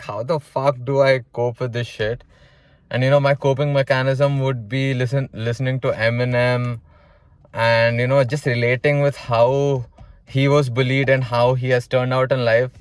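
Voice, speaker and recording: A man's voice: mid-range voice, clean tone, no echo. A young man from South India casually telling a personal story in a blunt way, full of swearing and "you know". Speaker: vlogger telling his story.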